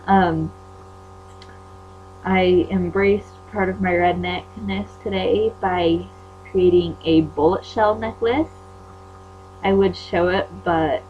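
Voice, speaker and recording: Teen girl ranting on a lo-fi webcam. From Utah. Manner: chatty and indignant, acts out quotes with sudden loud high bursts. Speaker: vlogger. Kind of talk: casual vlog rant. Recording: dull lo-fi webcam audio with faint mains hum.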